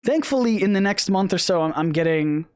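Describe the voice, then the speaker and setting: A man's voice: sits high, lively intonation, a little fast, a little mellow, clear, resonant tone. A man hosting a casual live stream, talking in a rambling way with many restarts, his voice a little worn. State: losing his voice. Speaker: host.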